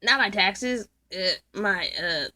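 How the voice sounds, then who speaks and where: A woman hosting a gameplay video speaks slowly in a mid-range, animated voice that sounds pushed and bright. She teases the game's characters and jokes casually while she plays, game music clearly underneath.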